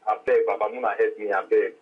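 A Nigerian man calls in over a thin, phone-like line and keeps begging for help. His voice is husky and sounds set back from the mic. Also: on the low side, steady tone, fast talker, recorded from a distance. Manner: pleading. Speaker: caller.

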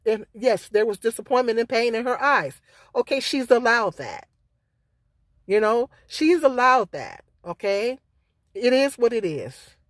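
A woman's voice: a little high, dry recording, studio quality. A middle-aged woman vlogging her opinions, emphatic and full of rhetorical questions, often asking "okay?". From Michigan, United States. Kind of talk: casual opinion vlog.

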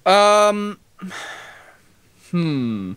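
A young man chatting on a podcast, thinking out loud and hedging with fillers and unfinished sentences. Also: high voice, big pitch swings, extremely slow, smooth, dry recording. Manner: thoughtful, hesitant with fillers and trailing sentences. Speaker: podcast co-host. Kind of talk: casual chat.

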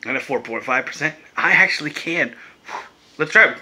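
Excitable, profane beer and vape reviewer man. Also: fairly high pitch, a little fast, husky. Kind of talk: casual review vlog.

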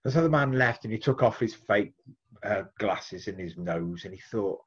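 A man's voice: fairly low pitch, animated, moderate pace, husky, lo-fi sound. A man, an author and storyteller, telling a folk tale expressively and answering interview questions.

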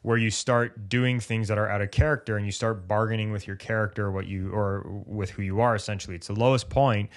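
A man co-hosting a podcast on sports injury recovery, who talks casually and acts out the thoughts of injured athletes in lively bursts. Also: fairly low pitch, a little fast, hardly any pauses. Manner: animated, acts out athletes' inner voices.

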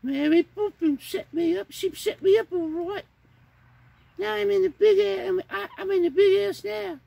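A man voicing a cheeky, boastful male puppet who has landed in jail, in a squeaky high voice that drawls and ends lines with "man". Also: steady tone, normal speed, vocal fry, mellow, no room sound, heavily acted.

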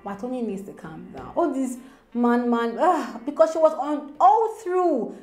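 Excitable woman gossiping in echoey room. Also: high voice, measured pace. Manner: excitable, exclamatory, chatty. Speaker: entertainment gossip vlogger. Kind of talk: casual gossip commentary to viewers. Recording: roomy echo with faint music.

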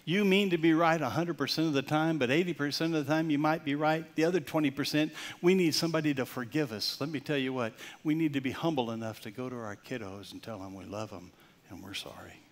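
An older male pastor preaching a Father's Day sermon, swinging from loud, emphatic points to soft, near-whispered storytelling. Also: a little high, fast talker.

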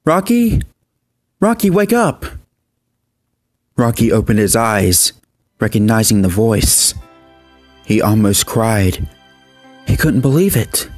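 A man narrating a horror story in a steady, even scripted reading. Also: mid-range voice.

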